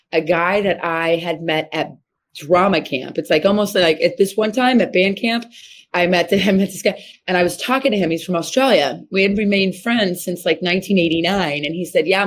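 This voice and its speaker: A woman in her fifties from Missouri, a horse trainer telling her story as a guest in an interview, acting out the voices of people she quotes. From Missouri, USA. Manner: animated, acts out quoted voices with sharp pitch jumps.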